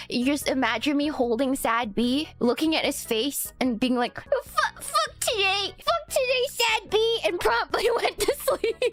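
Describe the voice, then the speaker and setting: A woman streamer telling a story in casual chat, laughing often, swearing freely and repeating herself excitedly. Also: fairly high pitch.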